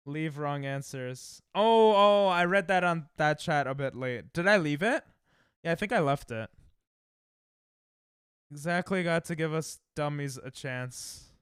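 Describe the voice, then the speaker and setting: A young man streaming casually, reacting excitably and thinking aloud while he plays, sounding tired. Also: on the high side, measured pace, clean tone, dry recording, clean studio sound. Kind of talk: casual live-stream chat while playing games.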